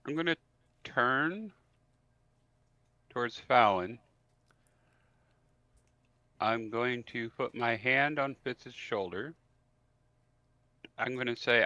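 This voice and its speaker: A man plays a tabletop game, laying out each move slowly with many ums and pushing back on rulings. His tone is bright and a little tense. The mic sounds dry and somewhat dull. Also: mid-range voice, dry recording. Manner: halting, full of ums, questions the rules. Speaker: player. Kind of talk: casual tabletop game play.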